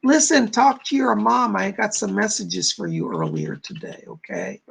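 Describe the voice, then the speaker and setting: Gravelly male psychic medium. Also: high-pitched, sing-song, moderate pace, a bit bright. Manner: reads viewer comments aloud and relays spirit messages; informal, repeats "I gotta tell you". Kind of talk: live-stream psychic readings.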